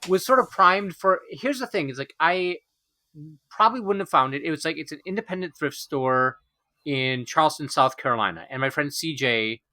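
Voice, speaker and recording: Bright, tense-voiced man telling a rambling story. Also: fairly high pitch, expressive, moderate pace. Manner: rambling storyteller with many fillers and restarts. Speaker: podcast co-host. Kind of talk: casual chat.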